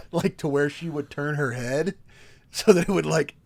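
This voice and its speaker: A man's voice: a little high, unhurried, creaky, no echo. A man in his thirties, co-hosting a podcast, telling stories animatedly and laughing often as he talks. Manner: animated storyteller, laughs often mid-sentence. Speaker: podcast co-host. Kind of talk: casual podcast chat.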